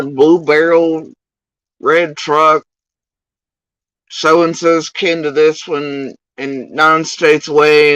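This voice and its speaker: A woman's voice: low voice, fairly bright tone, no echo, lo-fi sound. A woman streamer, ranting and swearing in sarcastic, mocking commentary on clips she plays.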